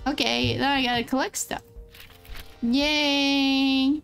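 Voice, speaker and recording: A woman's voice: sits high, animated, slow pace, pauses often, faint music behind. A woman streaming a video game, talking casually with a giggly, playful, self-mocking manner. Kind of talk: casual gameplay commentary.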